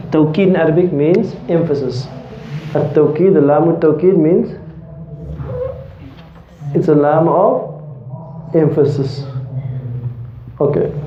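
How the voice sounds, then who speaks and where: A man with a fairly high voice teaches a grammar class. He quizzes the room and answers himself, going over each term again. The sound is roomy and a little dull, like a lo-fi classroom recording. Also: a little hiss or hum. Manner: asks the class questions and answers them himself, repeats key terms. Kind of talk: classroom lesson.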